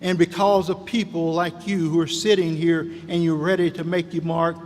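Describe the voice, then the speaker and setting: A man's voice: on the high side, little pitch movement, normal speed, darkish tone. Folksy rousing man in an echoey hall. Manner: folksy, rousing, calls out to the crowd. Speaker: commencement speaker. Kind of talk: commencement speech. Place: large hall.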